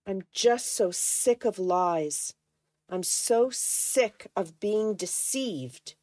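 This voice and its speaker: A woman voicing a troubled, resentful grown man in a halting, strained way while reading a novel aloud. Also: fairly low pitch, expressive, mellow, no room sound, clean studio sound. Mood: desperate.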